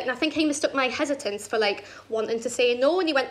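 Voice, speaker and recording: A young woman tells a story on a comedy club stage, brash and sweary, with punchy asides. Her voice sits high. She speaks into a handheld stage mic. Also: quick pace, few pauses, a bit bright. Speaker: stand-up comedian. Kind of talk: stand-up comedy set.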